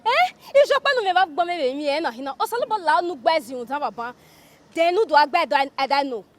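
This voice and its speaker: A woman's voice: sits high, animated, quick pace. A greedy, giggly Nigerian girlfriend. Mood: pleading. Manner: coaxing, giggly, mixes pidgin. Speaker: girlfriend asking for money.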